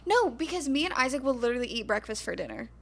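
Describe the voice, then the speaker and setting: A woman's voice: sits high, very animated, fast, creaky, a bit bright. A woman with a light American country twang, co-hosting a podcast in casual chat and telling long detailed stories. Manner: chatty storyteller, talks a lot, drawls some words. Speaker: podcast co-host.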